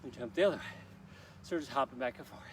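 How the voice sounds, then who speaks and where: A man's voice: medium pitch, racing, noisy background. A male fitness instructor coaching a live outdoor workout, upbeat and urging viewers on with countdowns while out of breath and sweating. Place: outdoors in a park on grass.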